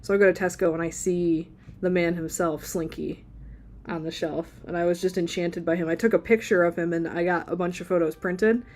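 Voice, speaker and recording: A woman's voice: on the low side, fairly even intonation, brisk, a little mellow, a little hiss or hum. A woman streaming live as she draws, chatting casually in a rambling, playful way and laughing often. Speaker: livestream artist. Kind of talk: casual chat while drawing.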